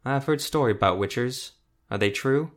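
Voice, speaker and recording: A man's voice: mid-range voice, moderate pace, natural voice. A man reading a blunt village girl.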